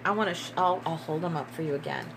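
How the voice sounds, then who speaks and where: A woman giving a tarot reading in a slow, musing way, repeating herself and breaking into excited bursts. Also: low-pitched, vocal fry, background noise. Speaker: tarot reader.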